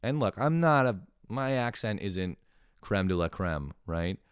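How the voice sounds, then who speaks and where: Sarcastic swearing young man, lively pitch. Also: a little slow, clean tone, no echo, studio quality. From lives in Montreal. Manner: animated, sarcastic, swears a lot. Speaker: comedian ranting to camera. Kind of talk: profane comic rant.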